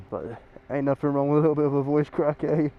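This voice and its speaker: A young British man vlogging from his motorbike, chatty, sweary and self-mocking, his voice slightly croaky from being ill. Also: fairly high pitch, lively intonation, normal speed. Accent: British English. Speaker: motovlogger. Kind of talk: casual riding vlog. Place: outdoors on a motorbike in town traffic. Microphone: lapel mic under a helmet. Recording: muffled lo-fi with traffic noise.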